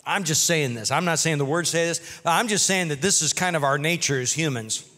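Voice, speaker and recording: Man, pastor, sermon, bright forceful voice, chatty asides, long reverb of a church hall. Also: a little high, fairly quick. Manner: conversational preaching with humorous asides.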